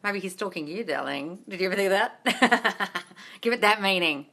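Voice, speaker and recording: A woman's voice: mid-range voice, expressive, normal speed, bright, forceful tone. A woman coach on a phone livestream, blunt and swearing freely, calling her viewers darling as she reads their comments aloud and answers them. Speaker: manifestation coach. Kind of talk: livestream Q&A chat.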